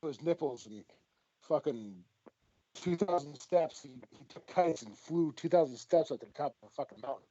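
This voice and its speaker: A man's voice: on the high side, lively intonation, normal speed, mellow, slight background noise. A man hosting a podcast in casual chat, talking bluntly with plenty of swearing and rambling asides. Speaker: podcast host. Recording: dull lo-fi audio.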